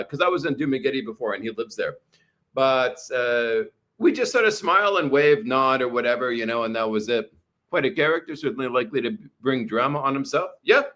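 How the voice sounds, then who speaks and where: A man's voice: a little high, pushed and bright. A man from Canada talking casually to viewers, ranting with a lot of profanity and repeating himself. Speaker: vlogger. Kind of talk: casual livestream rant.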